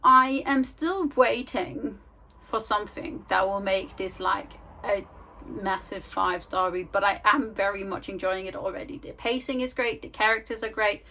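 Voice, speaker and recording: A woman's voice: medium pitch, normal speed, sharp tone, poor audio. A young woman in a casual reading vlog, talking chattily and with self-mocking humor from home into a handheld camera. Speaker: book vlogger.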